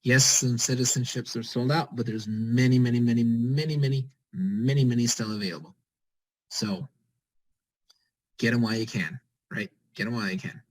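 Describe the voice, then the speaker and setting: An energetic man at a mid pitch, rallying his team on a group call. He talks fast and repeats short commands again and again to push his listeners into action. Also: rough recording. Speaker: team leader on a network-marketing call. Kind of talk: motivational pep talk on a group call.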